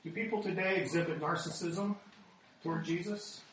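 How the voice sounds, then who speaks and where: A man's voice: a little high, fairly even intonation, moderate pace. Male pastor, sermon, dramatic scripture reading, rhetorical questions, faint noise. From United States. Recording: very echoey hall, speaker far from mic.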